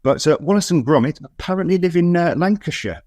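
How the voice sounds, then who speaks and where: A man from the West Country of England, a guest speaking in casual chat over a video call, hesitant with many pauses and a wry tone. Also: fairly high pitch, expressive, a little mellow, no room sound. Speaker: guest, head of local plans.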